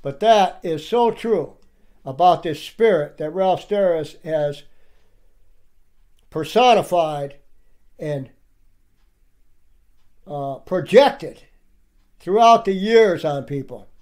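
Indignant preaching man, high voice. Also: animated, takes it slowly, long pauses, a little mellow. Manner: indignant, rhetorical questions. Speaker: online commentator. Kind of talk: preachy commentary over clips.

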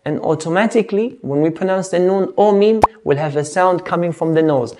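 A man's voice: high-pitched, noisy background. Man patiently teaching Quran recitation. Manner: patient, slow demonstrations of recitation. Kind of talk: tajweed lesson.

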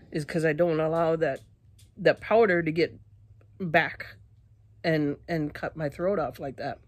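A woman vlogging casually to her viewers, out of breath and clearing her throat often, talking in halting restarts. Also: deep voice, no echo. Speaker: YouTuber eating spicy candy. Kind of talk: casual vlog talk to camera.

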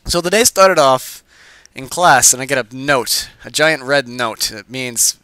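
A man's voice: mid-range voice, normal speed, bright, forceful tone, smooth, no echo. A teenage boy hosting a game channel, talking in a hyper, rambling casual chat that keeps interrupting itself. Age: teens.

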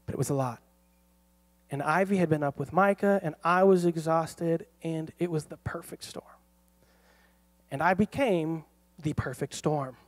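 A pastor in his thirties telling a personal story in a sermon, animated and laughing often. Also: a little high. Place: church.

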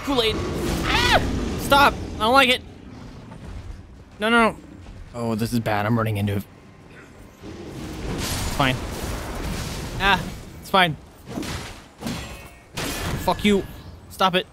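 Excitable male streamer with a lively voice. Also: a little high, a little slow, long pauses, music in the background. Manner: excitable, yelps and swears at enemies; chatty, thanks viewers by name. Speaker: livestreamer. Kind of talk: live gameplay commentary.

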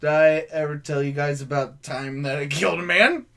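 A man's voice: fairly high pitch, moderate pace, pushed and bright. A man co-hosting a comedy podcast, playful and giggly in casual banter. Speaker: podcast co-host.

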